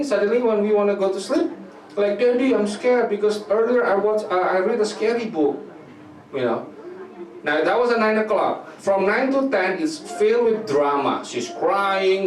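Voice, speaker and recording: A man, preaching a storytelling sermon, animated and full of fillers as he acts out quotes. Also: fairly high pitch, background noise. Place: church hall. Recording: echoey hall mic from a distance.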